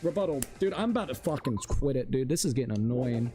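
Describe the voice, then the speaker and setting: A man streaming a video game, ranting and swearing with stammering restarts, his voice climbing high when exasperated. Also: lively intonation, fast talker, mellow, faint music behind. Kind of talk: frustrated gameplay commentary.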